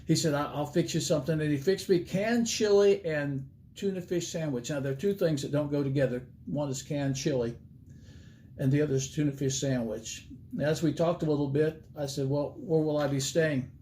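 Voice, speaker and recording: A man's voice: fairly high pitch, moderate pace, mellow, slight background noise. An older man, an evangelist, telling a folksy story in a sermon and acting out the dialogue with animation.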